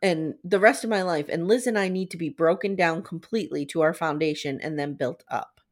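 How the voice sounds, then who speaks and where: A woman co-hosting a casual recap podcast, retelling scenes and quoting lines with quick asides. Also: fairly low pitch. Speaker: podcast co-host.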